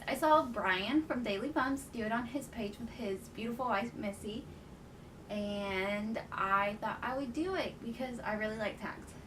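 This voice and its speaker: Chatty young woman, distant mic. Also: medium pitch. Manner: chatty, rambling, lots of "um" and "like". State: out of breath. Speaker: vlogger. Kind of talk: casual chat answering a question tag. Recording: distant mic with clear background noise.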